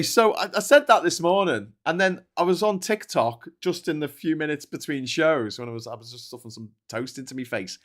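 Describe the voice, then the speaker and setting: A man hosting a livestream, chatting casually about politics and reading viewer comments, swearing often and restarting his sentences. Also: mid-range voice. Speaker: livestream host reading chat. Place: at home with a dog.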